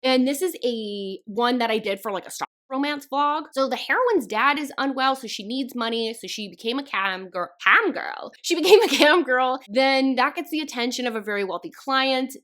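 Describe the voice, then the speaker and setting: Woman ranting about books, lively swoopy voice, kinda high, cussing, laughing. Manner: animated, exasperated, swears, laughs. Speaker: book reviewer. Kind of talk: casual ranting review to camera.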